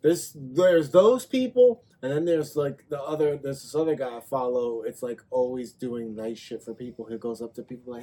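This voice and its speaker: A man in a casual podcast chat, telling animated stories and swearing freely. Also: medium pitch, fairly quick, hardly any pauses. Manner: animated storyteller, swears a lot. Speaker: podcast guest or host.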